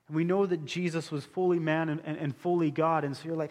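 A male pastor preaching with earnest emphasis, his voice sitting a little high for a man. The sound rings with a long reverb from a large church hall. He leans on key phrases and repeats them. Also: steady tone, fairly quick, few pauses. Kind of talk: sermon.

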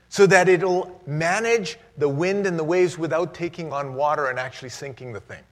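A middle-aged man, a guest preacher, giving a sermon with jokes and laughter that turns earnest and quiet. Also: on the high side, animated, normal speed.

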